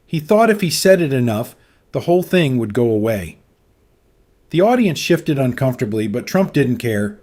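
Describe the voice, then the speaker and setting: A man's voice: medium pitch, darkish tone. A man narrating a scripted story in a dramatic, suspenseful manner.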